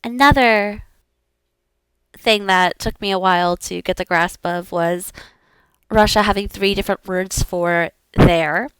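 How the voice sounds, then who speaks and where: A woman's voice: mid-range voice, unhurried, a bit bright, smooth, no room sound. A woman VTuber practicing her language lessons aloud in a casual, rambling way, often giggling and using many fillers.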